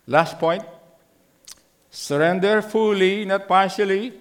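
A man's voice: on the high side, animated, unhurried, pauses often, fairly bright tone. A middle-aged man preaching a sermon as pastor, asking the congregation many questions and acting out voices from scripture. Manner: acts out voices in the scripture story.

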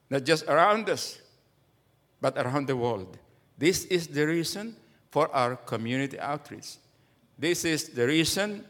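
A man's voice: on the high side, a bit bright. A man in his seventies preaching a sermon to his congregation, emphatic and full of rhetorical questions. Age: 70s. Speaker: pastor.

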